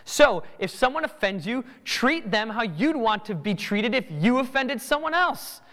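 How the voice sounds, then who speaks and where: A man's voice: very high-pitched, sing-song, a little slow, a bit bright, in a large hall. A man preaching a sermon, acting out both sides of everyday conversations. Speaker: pastor.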